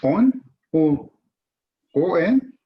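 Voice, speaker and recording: A man's voice: fairly high pitch, sing-song, drawn-out words, muffled recording. A male student reading French words aloud, hesitant and unsure.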